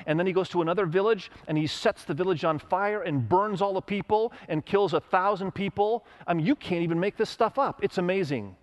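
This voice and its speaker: A middle-aged male pastor preaching a sermon in a fairly high voice. He tells stories and plays the people in them, and his voice climbs whenever he drives a point home. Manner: storytelling with acted quotes, emphatic rises.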